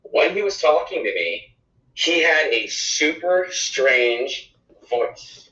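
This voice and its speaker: Man with a bright voice in an echoey room. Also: on the high side, expressive, slow. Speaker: podcast guest. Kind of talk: conversational storytelling. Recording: echoey room, dull lo-fi sound.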